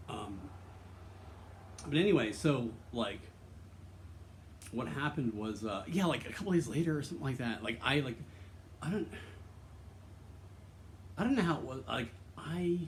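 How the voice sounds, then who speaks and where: A man at a middle pitch pours out a rambling personal confession. His talk is candid and earnest, laced with swearing, and full of false starts and fillers as he circles his point. A faint hum of background noise sits under his voice. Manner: earnest and emotionally open. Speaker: vlogger.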